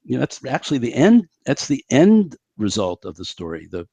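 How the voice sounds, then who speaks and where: Older male doctor guest, chatty and lively, dry recording. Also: mid-range voice, normal speed, vocal fry, slightly rough, dry recording. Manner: animated storytelling with restarts. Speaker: physician guest. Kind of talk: interview conversation.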